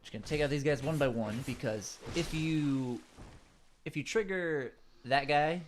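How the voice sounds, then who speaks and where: A man's voice: a little high, a little slow, a little hiss or hum. A man commenting casually on his own gameplay, a little stuffed up, rambling with many fillers and asides. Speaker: gaming channel host.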